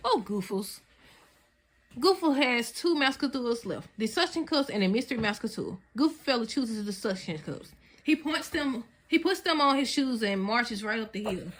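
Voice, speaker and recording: A woman's voice: a little high, lively intonation, moderate pace. A woman reading a children's storybook aloud, laughing often and stumbling on a few words. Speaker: story reader.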